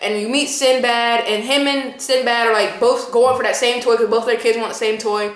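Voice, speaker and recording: A young woman in her twenties chats through a casual movie review, rambling and looping back on herself. Her voice sits fairly high, and it echoes around a room at home. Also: fairly even intonation, moderate pace. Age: 20s. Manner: rambling, full of "like" and "you know". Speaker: vlogger. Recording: roomy echo.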